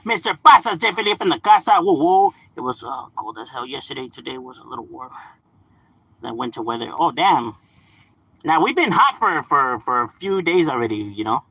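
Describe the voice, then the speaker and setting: A young man from Southern California hosts a relaxed live stream, chatting loosely with slang and frequent laughs. His voice has a bright, forward edge, and his pitch jumps around a lot as he talks. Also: normal speed, breathy edge, no room sound. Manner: laid-back, laughs often, drops swear words and slang. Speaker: livestream gaming host. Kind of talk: casual live-stream chat.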